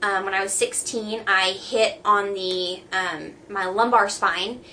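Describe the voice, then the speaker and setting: A young woman talks casually to camera, slightly out of breath and halting, with many pauses and fillers. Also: medium pitch, steady tone, pushed and bright, a little hiss or hum. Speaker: vlogger.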